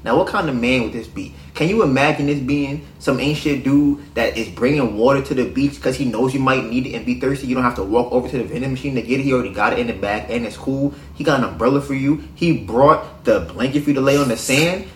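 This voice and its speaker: A man hosting a podcast, giving casual, slangy dating advice in a preachy tone that sometimes drops to a low murmur. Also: fast, hardly any pauses, a little hiss or hum. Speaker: podcast host. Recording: roomy echo.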